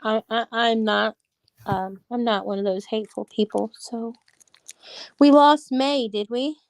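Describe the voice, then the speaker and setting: A woman's voice: on the high side, steady tone, measured pace, vocal fry, no room sound. A woman chatting casually as a guest on a stream, talking earnestly and rambling with many restarts. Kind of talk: casual chat.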